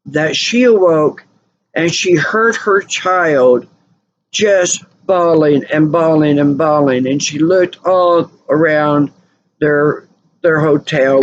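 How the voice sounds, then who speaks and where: A woman telling stories in a rambling, casual monologue, repeating and correcting herself. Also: low voice. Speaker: channel host. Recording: dull lo-fi recording with faint noise.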